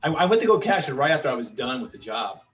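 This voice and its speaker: A man's voice: medium pitch, big pitch swings, quick pace. A man telling a story and giving earnest advice in a casual group chat. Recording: dull lo-fi sound with clear background noise.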